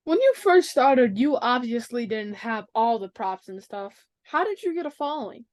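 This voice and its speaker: Female interviewer, fairly high voice, short direct questions. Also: very animated, normal speed.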